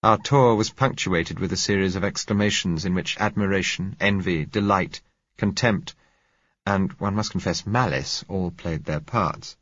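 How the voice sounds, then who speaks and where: A man narrates an audiobook in a measured, dryly wry manner. His voice is deep and husky. The recording is dry and slightly lo-fi. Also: fairly bright tone, no echo.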